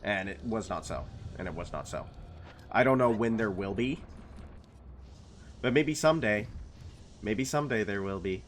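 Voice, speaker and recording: A man's voice: fairly low pitch, expressive, normal speed, long pauses, a little hiss or hum. A man casually chatting while streaming a video game, rambling and playful, slipping into silly voices. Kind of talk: casual gameplay commentary.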